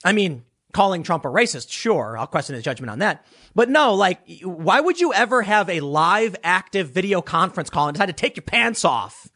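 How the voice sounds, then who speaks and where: A man's voice: high voice, very animated, moderate pace, bright, forceful tone. A man ranting as a political commentator, sarcastic, dismissive and blunt. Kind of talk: casual opinion rant.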